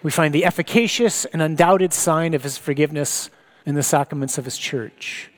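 A man's voice: on the high side, moderate pace. A man preaching a sermon, reading scripture and teaching in an earnest, reflective way.

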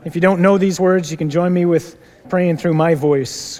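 Priest guy preaching hard, stretches words out slow, kinda high voice, big echoey church. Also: fairly even intonation, a little mellow. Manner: emphatic, preacherly, draws out key phrases slowly. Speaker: priest leading a parish mission. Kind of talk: sermon and led prayer. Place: large church. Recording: long church reverb.

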